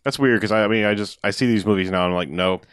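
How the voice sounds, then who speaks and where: A man's voice: lowish voice, rapid-fire, fairly bright tone, clean tone, dry recording, studio quality. A man co-hosting a podcast, joking and sarcastic in casual, profane banter. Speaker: podcast co-host.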